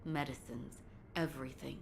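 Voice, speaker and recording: A woman's voice: a bass voice, steady tone, normal speed, creaky, a little hiss or hum, poor audio. An actress playing a composed, courteous female castle doctor who speaks formally and politely. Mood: earnest.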